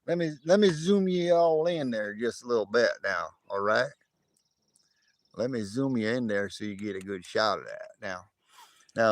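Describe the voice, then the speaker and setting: A man putting on a West Texas drawl as a boastful, folksy coin stacker, loudly pointing things out around his land on a livestream. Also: mid-range voice, no room sound, lightly acted. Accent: put-on West Texas drawl. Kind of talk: livestream impression.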